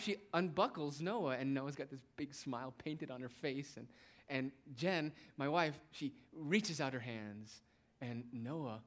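A young man preaching a sermon, emphatic and repetitive, addressing his listeners as beloved. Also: mid-range voice. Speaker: pastor.

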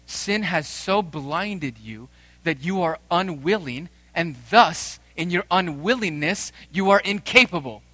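A man in his thirties preaching a sermon as pastor, emphatic with dramatic pauses and rising swells. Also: high-pitched, expressive, pushed and bright, no room sound.

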